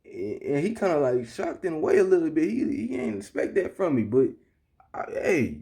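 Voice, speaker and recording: A young man with a slightly high, creaky, warm voice talks at a normal speed but in a very animated way as he vlogs a story to the camera. His speech is heavy with slang, he keeps asking "you feel me," and he turns heated during the retelling.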